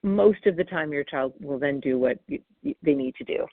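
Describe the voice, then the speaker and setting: A woman's voice: low-pitched, normal speed, gravelly, no echo. Woman on a phone-like video call. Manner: animated, acts out parent and child lines. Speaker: parenting expert guest. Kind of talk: interview answers, explaining technique. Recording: phone-like dry call audio.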